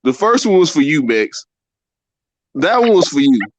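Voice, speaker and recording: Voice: mid-range voice, very animated, moderate pace, no room sound. A co-host DJ on a live stream who keeps breaking into helpless laughter while chatting.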